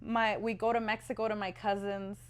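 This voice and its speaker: A woman's voice: medium pitch, little pitch movement, a little fast. A young woman co-hosting a podcast, telling personal stories in a casual, chatty way with lots of "like". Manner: chatty storyteller, heavy use of "like". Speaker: podcast co-host. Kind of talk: casual chat, personal storytelling.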